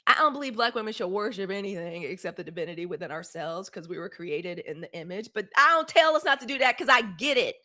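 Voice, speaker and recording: A woman's voice: mid-range voice, quick pace, few pauses, pushed and bright. A woman from Mississippi with a Southern accent, hosting a casual livestream and talking straight to her viewers in a blunt, fiery way. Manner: talks straight to viewers, calls them y'all, fiery and blunt with swearing. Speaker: livestream host.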